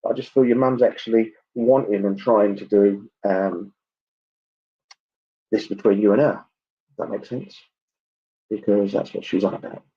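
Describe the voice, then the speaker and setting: A man gives a clairvoyant reading at a church service. His voice sits low with a husky edge. He talks in a chatty, halting way, full of ums and asides, and the online stream sounds dull and lo-fi. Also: fairly even intonation. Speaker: spiritualist medium.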